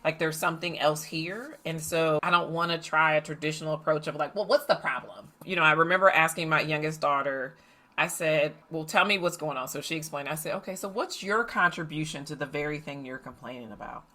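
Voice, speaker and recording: A middle-aged woman coach telling a family story in a lively, animated way, acting out the voices of the people in it. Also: low-pitched, fairly quick. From United States. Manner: animated, acts out family dialogue. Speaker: coach and facilitator. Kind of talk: storytelling podcast monologue.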